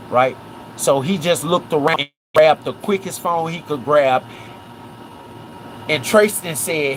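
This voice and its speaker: On a casual livestream, a man from Memphis dissects a case, animated and constantly asking "right?" and saying "watch this." His voice is on the high side and a little slow, with slight background noise.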